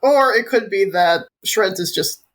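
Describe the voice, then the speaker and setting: A podcast co-host from the American South chatting casually with friends, laughing often and tossing in quick asides. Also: medium pitch, expressive, fairly bright tone. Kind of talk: casual chat.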